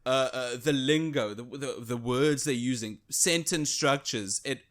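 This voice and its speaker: A man's voice: medium pitch, measured pace, fairly bright tone. A man co-hosting a casual podcast chat, gushing with enthusiasm. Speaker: podcast co-host.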